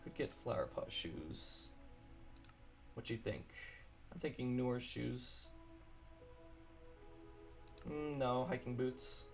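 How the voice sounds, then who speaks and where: A man's voice: medium pitch, very animated, takes it slowly, vocal fry, pauses often, faint music behind. A man chatting casually while streaming a game alone at his computer, apologetic and rambling.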